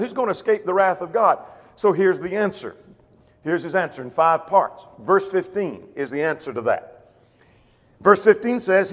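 Male Bible teacher, plain explainer, slightly high voice, reverberant church room. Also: a bit bright. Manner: explains scripture plainly, rephrases verses, asks rhetorical questions. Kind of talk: verse-by-verse Bible class teaching. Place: church classroom or auditorium. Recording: long reverb of a church hall.

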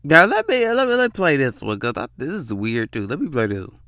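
Animated bright-voiced man reacting to clips. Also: on the high side, brisk, no room sound, clean studio sound. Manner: animated, laughs often, talks straight to viewers. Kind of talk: casual reaction commentary.

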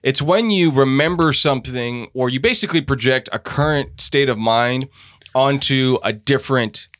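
A man's voice: mid-range voice, moderate pace, a bit bright, dry recording. A man co-hosting a podcast in a blunt, profane way, drifting into musing explanations. His voice sits in an ordinary middle range. The sound is dry and close to the mic. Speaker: podcast co-host. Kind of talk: casual chat.

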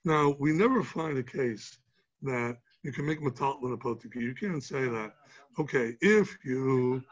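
A man's voice: medium pitch, unhurried, highs cut off. A man teaching a Talmud class, explaining each step with examples and rhetorical questions.

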